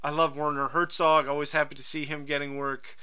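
A man co-hosting a podcast in casual chat, telling stories in an animated, rambling way. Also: a little high, fairly quick, a crowd in the background. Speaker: podcast co-host.

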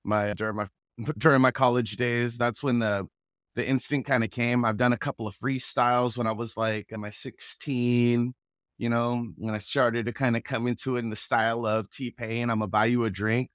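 A man's voice: mid-range voice, moderate pace, no room sound. Male guest, Pacific Northwest native, easygoing storyteller, mid-range voice, dry close recording. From Pacific Northwest, USA. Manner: relaxed, chuckles often, acts out quoted voices. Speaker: guest, rapper and actor. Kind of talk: casual conversational storytelling.

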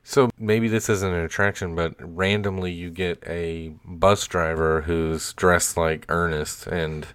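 Man, podcast host, very low voice, dry close sound, relaxed chat. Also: unhurried, few pauses, clean tone, no echo. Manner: leads topics, laughs often. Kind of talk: casual chat.

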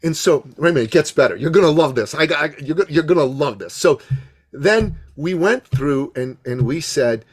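A man telling an excited story as a podcast guest, repeating words and acting out what people said. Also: a little high, moderate pace, slightly rough. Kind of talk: animated storytelling.

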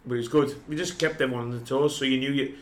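A man's voice: mid-range voice, steady tone, fast talker. A man, a podcast guest telling a long, sweary dressing-room story and laughing often as he goes. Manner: laughs through his stories, sweary. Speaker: podcast guest, former footballer. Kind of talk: casual anecdote telling.

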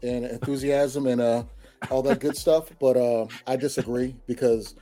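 A man arguing his picks on a casual sports talk show, measured with many restarts. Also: medium pitch, fairly even intonation, warm tone. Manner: measured, halting, lots of restarts. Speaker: panelist.

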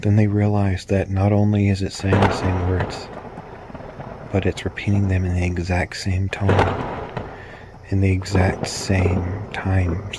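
A man slowly narrating a spooky true story, drawn out and hushed at moments. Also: deep voice, completely flat delivery, very noisy.

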